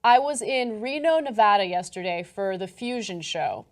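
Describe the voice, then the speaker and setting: A woman hosts a political talk show and keeps the conversation moving. She tells stories in an animated, casual way. Her voice sits in a middle register. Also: mid-range voice, normal speed. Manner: animated storyteller. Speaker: host.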